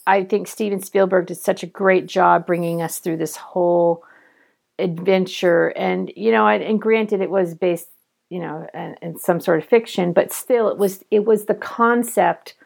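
A woman's voice: lowish voice, fairly even intonation, measured pace, vocal fry, darkish tone. A woman in casual conversation, talking thoughtfully with many fillers and hedges. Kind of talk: casual chat.

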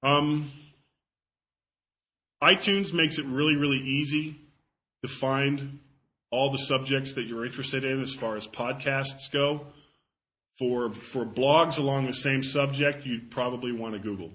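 A man's voice: mid-range voice, fairly even intonation, a little slow, pauses often, fairly bright tone, rough recording. A man giving a casual talk and answering audience questions, chatty and self-deprecating, often repeating words as he thinks.

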